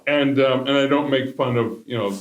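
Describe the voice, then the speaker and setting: A man hosting a talk show in casual chat with a guest, playful and quick to laugh. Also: medium pitch, phone-quality sound. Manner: playful, laughs often, jokes. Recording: roomy studio echo.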